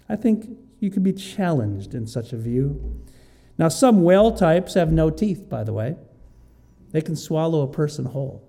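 A man reading Bible verses aloud and explaining them in a lively, conversational teaching style. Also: on the high side, measured pace, gravelly. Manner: reads scripture aloud, then explains it with lively asides.

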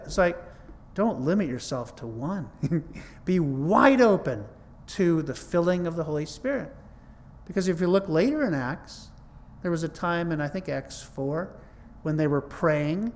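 A man preaching a sermon in a conversational but emphatic way, teaching from scripture and stressing points with rises in his voice. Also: on the high side. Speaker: pastor.

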